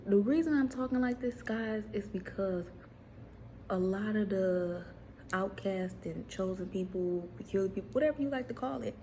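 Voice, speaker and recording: A woman, casually preaching to viewers in a vlog, animated, repeating herself and putting questions to the audience. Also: medium pitch, moderate pace, slight background noise. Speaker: faith vlogger.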